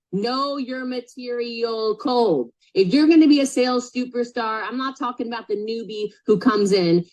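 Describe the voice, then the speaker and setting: A woman's voice: mid-range voice, low-quality recording. Blunt, super direct woman sales coach. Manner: super direct, emphatic, repeats key points; casual, swears, checks in with "okay?". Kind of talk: live group coaching call.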